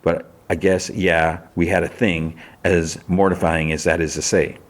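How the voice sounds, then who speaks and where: A man's voice: little pitch movement, a little slow. A man giving voice to a guarded tough woman agent. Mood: tense. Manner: plain retelling voice, lifted a little higher.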